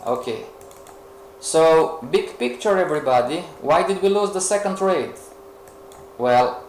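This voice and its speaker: A man leads a live trading webinar, slow and deliberate, his voice a little raised and gravelly. He keeps asking the audience questions and acts out a frustrated beginner. The room sounds echoey, with faint noise behind him. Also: fairly high pitch. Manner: rhetorical, role-plays a frustrated beginner, asks the audience questions.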